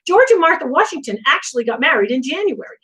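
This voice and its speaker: A middle-aged woman hosting a live antiques Q&A, chatting casually and telling animated stories full of asides. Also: high voice, fast talker, poor audio. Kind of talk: casual live-stream chat.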